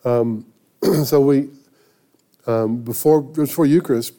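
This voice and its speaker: A male pastor preaches a sermon built around a personal story, his medium-pitched voice mellow and warm. He speaks conversationally, frequently pausing and starting his sentences over.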